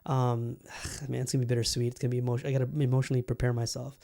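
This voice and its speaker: A man hosting a solo podcast in an easygoing, rambling way. His voice sits at an ordinary middle pitch, full of fillers and casual swearing. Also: level tone, racing, gravelly, dark tone. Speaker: podcast host.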